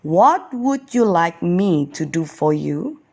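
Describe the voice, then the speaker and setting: A woman voicing Jesus as a gentle, kindly man, speaking softly and slowly in a storybook reading. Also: big pitch swings. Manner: soft low kindly speech.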